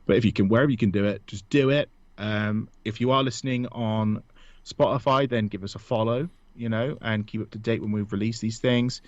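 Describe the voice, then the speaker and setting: A man's voice: lowish voice, steady tone, fairly quick, dry recording, dull audio. A man co-hosting a casual podcast, joking, self-mocking and laughing often. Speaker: podcast co-host. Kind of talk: casual chat.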